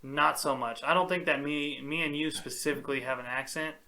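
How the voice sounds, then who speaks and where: A man's voice: fairly high pitch, steady tone, fairly quick, sharp tone. A man co-hosting a casual podcast chat, ranting and cursing freely. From Texas. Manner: profane, ranting, worked up. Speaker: podcast co-host.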